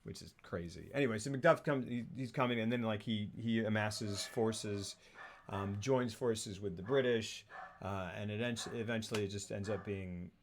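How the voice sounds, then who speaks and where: A man's voice: lowish voice, moderate pace, a little hiss or hum. A man co-hosting a casual film talk show, recapping a plot in a rambling way and acting out the characters' lines. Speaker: podcast co-host. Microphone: streaming mic.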